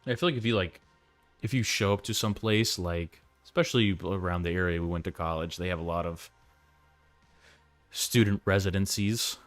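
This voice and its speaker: A man's voice: sits low, moderate pace, soft background music. A young man co-hosting a podcast, giving laid-back advice in casual chat. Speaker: podcast co-host.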